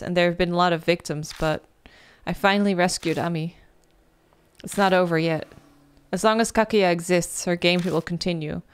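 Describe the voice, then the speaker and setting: A woman reading a visual novel aloud as she plays, breaking into loud, animated exclamations and swearing. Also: lowish voice, clean tone, no room sound. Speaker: gaming video creator.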